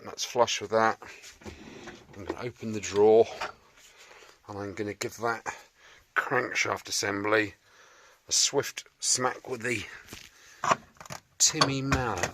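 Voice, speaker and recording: A man's voice: fairly low pitch, pushed and bright, a little hiss or hum. A man talking through a restoration job in his workshop, chatty and jokey, muttering to himself and swearing mildly. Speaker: restoration video maker.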